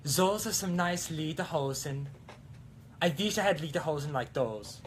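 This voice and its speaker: A man voicing a young German girl in pigtails with a mock German accent, high and sing-song. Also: expressive, moderate pace, slight background noise, lightly acted. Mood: admiring.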